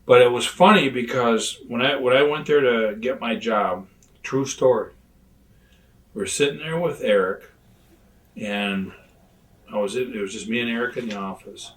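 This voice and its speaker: A man's voice: medium pitch, moderate pace, pauses often, far from the mic. Man telling a story, a little off-mic. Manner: animated storyteller, acts out both sides of conversations. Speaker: interview guest. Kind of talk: shoot interview storytelling.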